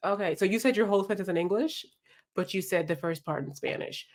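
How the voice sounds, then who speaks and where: A woman's voice: mid-range voice, fast talker, darkish tone. A woman co-hosting a podcast in casual chat, laughing often and acting out quoted lines as she talks. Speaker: podcast co-host.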